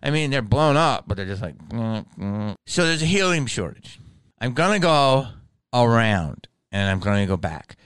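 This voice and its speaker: A man talking straight to camera in a comedic monologue vlog. He rants in an animated, profane way. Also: medium pitch, moderate pace, clear, resonant tone, no echo.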